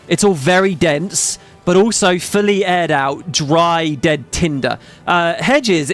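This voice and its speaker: A man's voice: high-pitched, a bit bright. A man telling a story in a casual vlog, rambling and emphatic, swearing freely. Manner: rambling, profane, emphatic retelling. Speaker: gaming video creator.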